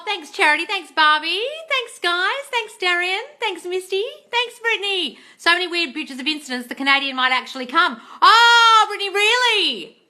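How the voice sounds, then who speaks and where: A woman's voice: mid-range voice, sharp tone. Bubbly woman chatting on a livestream. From Australia. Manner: chatty, calls viewers darling, reads comments aloud. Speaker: manifesting coach hosting a livestream. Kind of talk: casual livestream chat and advice. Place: her new apartment, indoors. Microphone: phone livestream.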